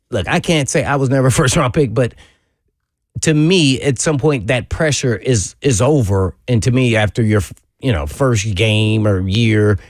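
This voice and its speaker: A man's voice: medium pitch, darkish tone, no room sound, clean studio sound. A man co-hosting a sports radio show, talking casually and teasing his partner in a loose, conversational way.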